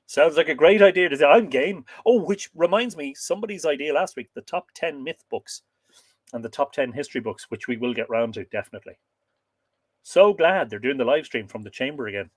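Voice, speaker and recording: With a slightly high, animated voice and a brisk pace, captured without echo, the Irish livestream host chats casually with viewers. He reads out their comments with enthusiasm and laughs frequently.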